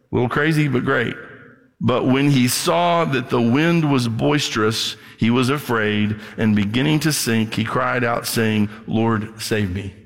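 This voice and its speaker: A man's voice: mid-range voice, creaky, a bit bright. A man preaching a sermon as pastor, talking conversationally, acting out voices from the story and closing in prayer. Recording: long reverb of a large hall.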